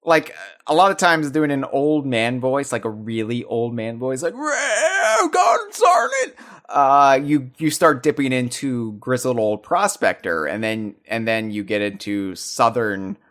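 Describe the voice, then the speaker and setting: A man in casual podcast chat about video games, restarting his sentences often with animated asides. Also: medium pitch, a little slow, few pauses. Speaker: podcast co-host.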